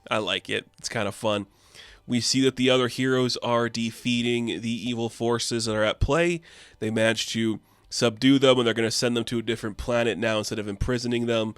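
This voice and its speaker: A man runs through a comic story in a loose, offhand way, tossing in fillers and shrugging off plot holes. His pitch sits in a middle range for a man. The sound is dry and close, with no room echo. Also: steady tone, a little fast, a bit bright, smooth. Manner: offhand, chatty, many fillers. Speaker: comic book reviewer. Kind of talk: casual comic recap.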